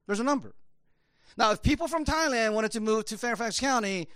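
A man's voice: very high voice, animated, fairly quick, fairly bright tone, no echo, studio quality. A man preaching a conversational sermon, rambling with many fillers. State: choked up, emotional. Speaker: pastor.

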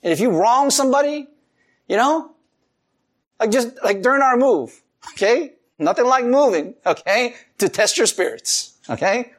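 Male pastor mid-sermon; very lively, swooping pitch, expressive and animated. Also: moderate pace. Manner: animated preaching with laughs and acted-out quotes.

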